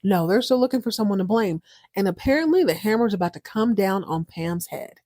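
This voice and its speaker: A woman's voice: medium pitch, fairly quick, no room sound, clean studio sound. A woman hosting a podcast, casually recapping a soap opera episode with slang and frequent laughter. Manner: animated, slangy, laughs often. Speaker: podcast host.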